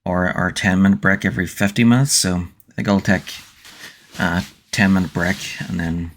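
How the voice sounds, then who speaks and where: A man reading a novel aloud on a livestream and chatting with viewers, hesitant with many fillers and restarts. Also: low voice. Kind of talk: audiobook-style reading and casual chat.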